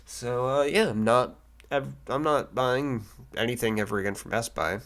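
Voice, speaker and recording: A young male vlogger rants casually to camera, rambling and stammering with many restarts and fillers, swearing now and then and doing mock voices for people he quotes. His mid-range voice is fairly bright, at a moderate pace.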